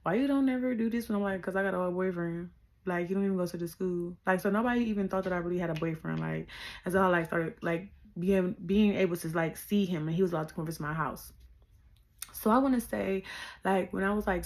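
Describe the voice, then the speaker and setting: A woman's voice: on the low side, fairly quick. Chatty young woman telling a story. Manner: chatty, repeats herself, slangy, animated asides. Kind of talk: casual storytime vlog.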